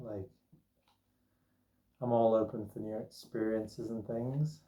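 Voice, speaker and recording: A young man rambles through a personal story, chatty and full of fillers. His voice is low and mellow. He sits well back from the mic in an echoey room. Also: fairly even intonation, moderate pace, pauses often, distant mic, muffled recording. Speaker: vlogger telling a personal story. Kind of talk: casual storytelling.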